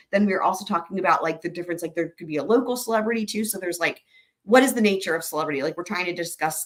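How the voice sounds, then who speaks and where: A woman chatting casually on a live stream, wandering from thought to thought and breaking into laughter. Her pitch sits in a middling range for a woman. She keeps reacting to her viewers' comments. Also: bright, forceful tone. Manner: rambling, laughs often, reads chat aloud.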